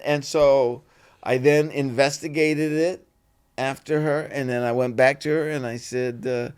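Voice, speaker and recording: A man, an actor guest in an interview, telling relaxed anecdotes and acting out the voices of the people in them. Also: medium pitch, measured pace, smooth. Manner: animated, acts out quoted voices in stories; relaxed and conversational, with "you know" fillers.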